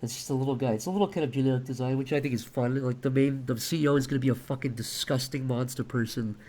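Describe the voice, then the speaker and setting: A man with a mid-range, warm voice talks quickly and crudely on a live stream, sketching as he reads out donations. He's a streamer and animator keeping the chat loose and casual while he draws.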